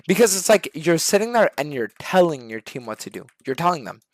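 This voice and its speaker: A young man streaming a game, ranting to his chat in a profane, exasperated way that swings from shouting to muttering. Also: fairly high pitch, sing-song, a little fast, no echo.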